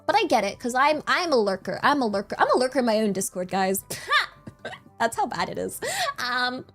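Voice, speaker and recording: A woman's voice: on the high side, brisk, soft background music. A young woman streaming and chatting casually, rambling and giggly, often repeating herself. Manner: giggly, rambling, repeats words, easily excited. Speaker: vtuber streamer.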